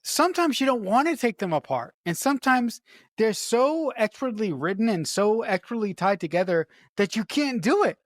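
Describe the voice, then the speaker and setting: A woman's voice: on the high side, very animated, normal speed, no echo, clean studio sound. A woman co-hosting a movie podcast, talking about a comedy film in an enthusiastic, emphatic casual way. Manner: enthusiastic, emphatic, restarts phrases. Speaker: podcast co-host.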